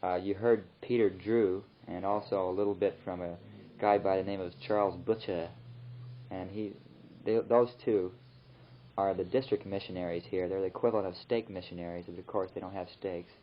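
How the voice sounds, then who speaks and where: A young missionary man recording a rambling, relaxed spoken letter home in his flat. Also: low-pitched, normal speed, a little hiss or hum. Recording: muffled old tape recording.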